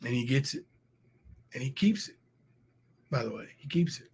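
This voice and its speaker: A man's voice: mid-range voice, animated, moderate pace, a little mellow, breathy edge. A man hosting a casual livestream, thanking viewers and ranting heatedly. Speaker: livestream host.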